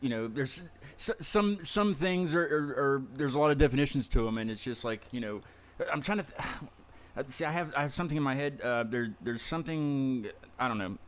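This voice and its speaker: Man, podcast host, rambling, halting, chatty. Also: medium pitch, animated. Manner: rambling, stumbles and repeats words, laughs often. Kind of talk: casual interview chat.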